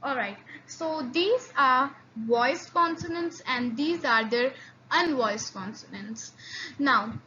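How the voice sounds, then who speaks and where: A woman teaching an online language lesson, halting with many fillers and repeats, slowly drilling sounds for learners. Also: sits high, expressive, bright, forceful tone. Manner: slow drilled repetitions of sounds. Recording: slightly dull lo-fi audio with faint noise.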